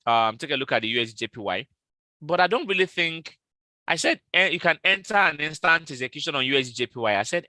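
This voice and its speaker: A man hosts a live market analysis stream, calling out trade levels slowly and repeating each call while spelling numbers out carefully. His mid-range voice is very bright and sharp-edged, recorded dry and close to the mic with no room sound.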